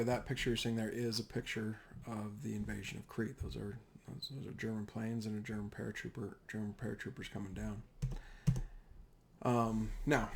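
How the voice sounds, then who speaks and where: Casual lower-voiced man lecturing on history. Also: a little hiss or hum. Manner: casual, rambling, self-correcting. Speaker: history teacher. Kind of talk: classroom history lecture over slides.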